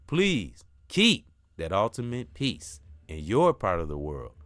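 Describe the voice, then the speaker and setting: A man's voice: lowish voice, huge pitch swings, slow, a bit bright, dry recording. A middle-aged man hosting a casual spiritual talk, speaking earnestly with a repetitive, preacher-like cadence. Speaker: host of a spiritual talk channel.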